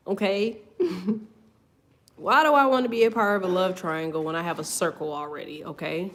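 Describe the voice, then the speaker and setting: A woman's voice: mid-range voice, very animated, normal speed. A woman giving a casual tarot reading. She swears freely, laughs often and drifts off on tangents. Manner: loose, profane, laughs often, goes off on tangents. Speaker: tarot reader.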